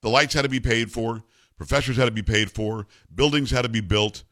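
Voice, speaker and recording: A man in his fifties hosts talk radio, offering opinionated commentary emphatically and conversationally while weaving in personal stories. His mid-range voice is brisk with a fairly bright tone.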